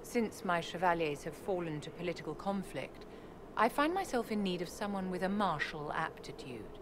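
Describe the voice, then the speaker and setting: A woman's voice: fairly low pitch, lively intonation, moderate pace, natural voice. An actress voicing a poised, imperious female court enchanter in a video game, with formal and condescending diction. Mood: regal, aloof. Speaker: game character. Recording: game audio with background noise.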